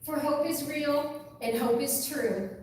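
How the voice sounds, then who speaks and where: A high-pitched woman recites a poem on stage with earnest feeling, then leads the crowd in a sing-song cheer. She sounds far from the mic, with strong echo filling a large hall. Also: slow pace, heavy background noise. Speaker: open mic performer. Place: large event hall with a live audience.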